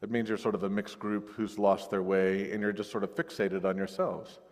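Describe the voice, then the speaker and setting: A male pastor giving a sermon in a conversational, lively way, recorded over a video call. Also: on the low side, moderate pace, in a large hall. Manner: conversational, animated when acting out quoted voices. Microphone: recorded via video call.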